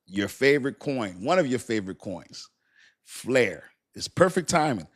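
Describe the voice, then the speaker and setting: A man with a medium-pitched, sing-song voice hosts a casual crypto live stream at an unhurried pace. He's chatty and repeats himself, warmly and often thanking his viewers.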